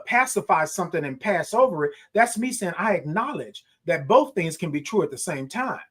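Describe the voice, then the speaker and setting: A middle-aged man hosting a live morning show, talking in an animated, preacher-like way, repeating phrases and reading viewer comments. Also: high voice. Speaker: host.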